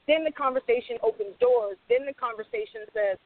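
A woman's voice: high-pitched, normal speed, dry recording. A woman screenwriter talking emphatically on a panel, acting out snatches of dialogue as she makes her points. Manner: emphatic, acts out quoted dialogue. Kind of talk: animated panel discussion. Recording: tinny phone-like audio.

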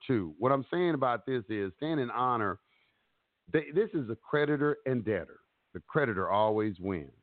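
A man hosting a casual instructional chat, animated and repetitive, acting out what he says in court. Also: medium pitch, no echo. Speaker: host giving advice. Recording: dry tinny phone-like audio.

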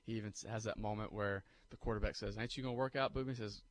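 A man co-hosting a sports radio show, telling movie scenes in a lively, animated way. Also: on the low side, racing. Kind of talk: casual sports talk.

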